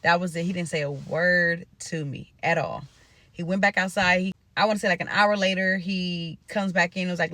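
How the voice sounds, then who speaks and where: A woman's voice: on the low side, moderate pace, fairly bright tone, dry recording. A woman from Nebraska telling a story in a loose, profane, casual style and talking straight to her viewers. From Omaha, Nebraska.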